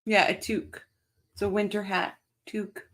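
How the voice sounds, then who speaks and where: A woman's voice: on the low side, unhurried. A woman hosting a casual livestream, laughing and chatting with viewers in the chat. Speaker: livestream host reading chat.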